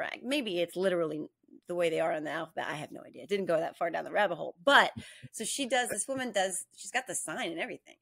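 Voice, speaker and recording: A middle-aged woman from New Jersey, a guest on a video call, telling rambling, animated stories with frequent laughter. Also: fairly low pitch, creaky. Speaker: guest, comedic video creator. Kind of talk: casual interview chat.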